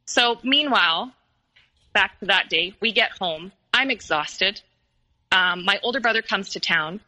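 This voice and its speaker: A woman guest on a podcast, earnestly recounting a personal story in a halting way, with many pauses and restarts. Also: mid-range voice, lively intonation, pushed and bright, poor audio.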